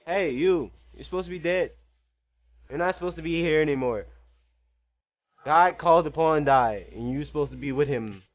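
A young man giving loud, profane live commentary while playing a game, shouting at what happens on screen. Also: on the high side, normal speed. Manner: excitable, profane, yells at the game. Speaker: gaming channel host. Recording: lo-fi home recording.

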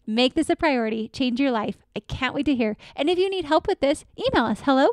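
A woman hosts her own podcast, speaking with energy and emphasis and circling back to repeated affirmations. Her voice sits a little high. The recording is dry and close, with no room sound. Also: expressive, fairly quick, no echo. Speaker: podcast host and dental practice consultant. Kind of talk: solo motivational podcast talk.

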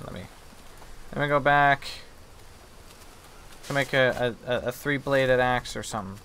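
A gravelly, medium-pitched voice with a bit of brightness comes from a young gaming video host, with a little hiss or hum in the recording. He chats about his survival game play in a self-mocking way and offers the game animals tongue-in-cheek apologies.

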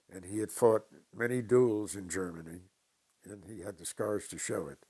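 Old new york guy, husky raspy voice, slow deliberate storytelling with dry humor. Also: on the low side, a little mellow. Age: older. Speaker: interviewee. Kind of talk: storytelling interview.

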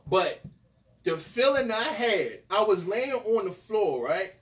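A man's voice: high-pitched, sing-song, slow pace. A young man hosting a podcast, telling a profane story in casual slang and acting out both sides of the dialogue. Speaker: podcast host. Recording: distant mic with faint noise.

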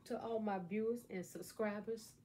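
Speaking in a steady, dark, mid-range voice at normal speed, this middle-aged craft vlogger shows off a craft at home in a chatty how-to video. She's folksy and playful, addressing viewers directly. The camera sits on a stand at a table, and a little hiss or hum can be heard.

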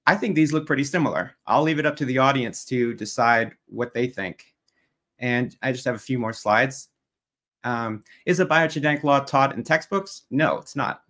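A man's voice: mid-range voice, bright, forceful tone. Methodical man debating over slides. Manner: methodical, pointed, occasionally mocking.

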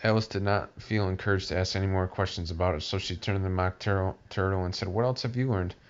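A man narrating a storybook aloud, halting with frequent restarts. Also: deep voice, level tone, clear, resonant tone. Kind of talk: audiobook reading. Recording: dull lo-fi recording.

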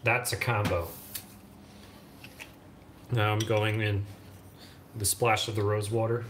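A man's voice: lowish voice, level tone, slow, background noise. A man hosting a home cooking vlog, chatting in a rambling, enthusiastic way as he mixes a cocktail. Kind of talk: casual chat. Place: home kitchen. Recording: echoey kitchen with clattering dishes.

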